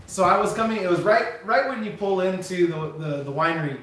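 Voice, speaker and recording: A man who drives trucks for a living, from California, rambling through an animated anecdote on a live stream with lots of restarts and chuckles. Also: sits high, fairly quick, slight background noise. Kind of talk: casual storytelling on a live stream. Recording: very echoey room.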